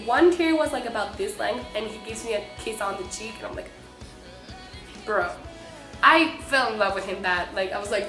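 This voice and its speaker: A young woman from Mexico excitedly telling a fan story to camera, breathless and bubbly, full of "like". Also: a little high, moderate pace. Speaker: vlogger. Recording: echoey room with faint music.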